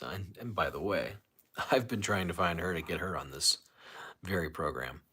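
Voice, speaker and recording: Casting note: deep-voiced male livestream host, loose and rambling, chats with viewers at home. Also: expressive, normal speed, bright, forceful tone, husky. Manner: rambling, reads chat comments aloud, many restarts. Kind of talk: casual solo livestream chat.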